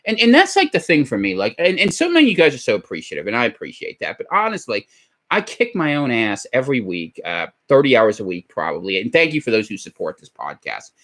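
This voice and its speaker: A man's voice: mid-range voice, wildly swooping pitch, fast, a bit bright. A man hosting his own podcast, talking casually and candidly in a rambling, tired way. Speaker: podcast host. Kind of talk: casual solo podcast monologue.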